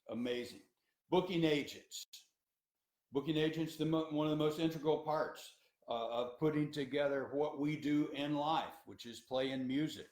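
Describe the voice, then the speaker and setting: A man who works as a tour coordinator gives an educational talk to students, in a folksy, emphatic storytelling style full of restarts. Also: on the high side. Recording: roomy echo.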